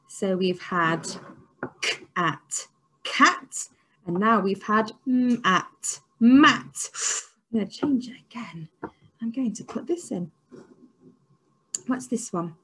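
Slow, breathy woman teaching phonics. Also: mid-range voice. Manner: slow, exaggerated sounding out with excited praise. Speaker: early years teacher. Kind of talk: online phonics lesson for young children.

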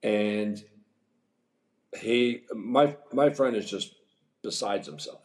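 A man's voice: fairly low pitch, slow. Man in his sixties telling rambling stories. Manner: rambling, animated anecdotes with chuckles. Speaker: guest, former pro golfer. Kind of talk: casual storytelling interview. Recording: echoey room.

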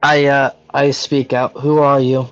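A man's voice: medium pitch, level tone, a little slow, clear, resonant tone, lo-fi sound, soft background music. A man playing in a tabletop game who talks bluntly and hesitantly, with filler sounds between his words. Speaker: player. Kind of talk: casual tabletop role-play.

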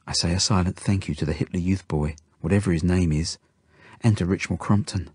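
Low, husky male audiobook narrator. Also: steady tone, a little fast, a little mellow, no room sound. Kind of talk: first-person storybook narration.

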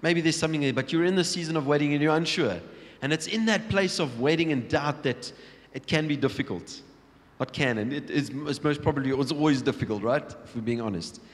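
A man preaching a sermon, telling Bible stories with lively acted-out scenes and frequent restarts. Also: on the high side, fairly quick. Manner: storytelling, acting out Bible scenes, many restarts. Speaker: pastor. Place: large church hall. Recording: long church hall reverb.

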